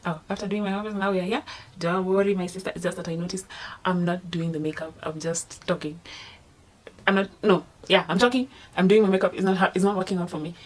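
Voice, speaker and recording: Chatty Kenyan woman, lowish voice. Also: fairly even intonation, fast talker. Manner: chatty, rambling, laughs at herself; drops to a hushed voice at times. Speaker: vlogger. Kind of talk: casual storytelling vlog.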